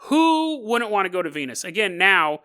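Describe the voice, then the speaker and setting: A man's voice: high-pitched, big pitch swings, normal speed, bright, forceful tone, clean tone. A male podcast host retelling a strange story in a comedic way, full of jokey asides and chuckles. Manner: jokey asides, laughs through the telling.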